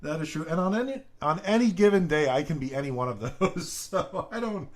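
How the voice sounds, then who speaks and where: Chatty excitable man on a live stream. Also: sits high, a little fast. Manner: excitable, greets viewers by name; chatty rambling storytelling. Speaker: live stream coin seller. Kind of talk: casual live stream chat.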